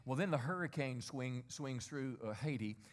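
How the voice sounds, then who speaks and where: A man's voice: medium pitch, lively intonation, normal speed. A middle-aged man preaching a sermon as a pastor. He speaks in a conversational way, asks many rhetorical questions and gets the congregation to repeat lines after him.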